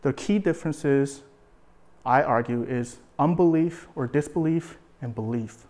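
A man preaching a sermon in a plain, mid-pitched voice. He explains the text in a loose, conversational way, often pausing on fillers and repeating words as he thinks. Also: darkish tone. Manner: explanatory, with frequent fillers and repetitions.

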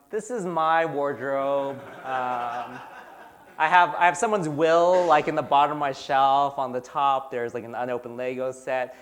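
Joking middle-aged man giving a talk. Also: a little high. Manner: self-deprecating, joking, chatty with many fillers. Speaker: guest speaker at a church retreat. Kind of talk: humorous talk to a congregation.

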